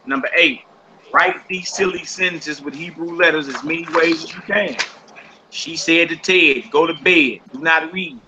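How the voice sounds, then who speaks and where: A man's voice: fairly high pitch, moderate pace, noisy background. A man teaching a language class, patiently going over homework and repeating each instruction. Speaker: Hebrew teacher. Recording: dull lo-fi recording.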